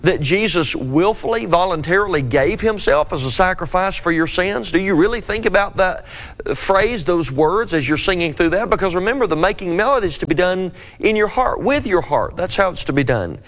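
A man's voice: sits high, lively intonation, normal speed, fairly bright tone. A man preaching a devotional scripture lesson, asking his listeners earnest questions.

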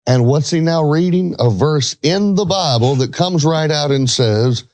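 A man's voice: fairly high pitch, unhurried, darkish tone, no room sound. A middle-aged man earnestly telling a church story, emphatic when quoting others. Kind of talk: storytelling in a religious talk show.

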